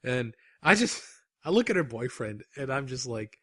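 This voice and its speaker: A young man co-hosting a podcast, telling an animated anecdote and laughing often at his own story. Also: mid-range voice, normal speed, slightly rough, no room sound, studio quality. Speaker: podcast co-host.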